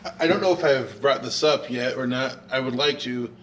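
A man's voice: medium pitch, a little fast, fairly bright tone. A man hosting a casual podcast chat, teasing and asking his guests questions. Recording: distant mic with faint noise.

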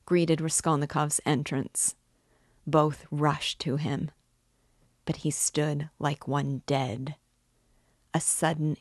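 A woman reading a classic novel aloud in a measured, even way. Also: sits low, no room sound, studio quality. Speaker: reader and guide.

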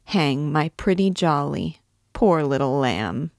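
A woman's voice: low-pitched, animated, takes it slowly, creaky, no room sound, clean studio sound, heavily acted. A woman voicing a vain, wordy male poet who rambles and boasts about his clever plans. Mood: chatty. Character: vain chattering male poet, pleased with himself.

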